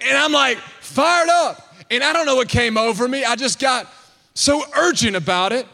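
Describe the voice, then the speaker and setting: A man in his thirties preaching in church, telling a funny story in an animated, excitable, self-mocking way. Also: extremely high pitch, normal speed. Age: 30s. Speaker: pastor. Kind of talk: humorous storytelling sermon. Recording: long hall reverb.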